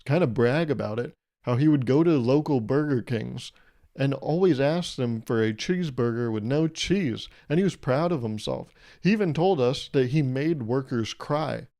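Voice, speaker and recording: Medium in pitch and dark in tone, the voice belongs to a young podcast host doing a rambling comedy monologue on his own. He keeps it sarcastic and mock-serious while chuckling at his own gags.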